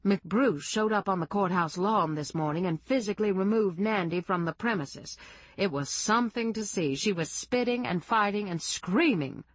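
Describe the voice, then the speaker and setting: A woman's voice: mid-range voice, normal speed, dry recording, close to an everyday voice. Woman narrator doing a drawling society gossip. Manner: drawling, affected, fond of "darling".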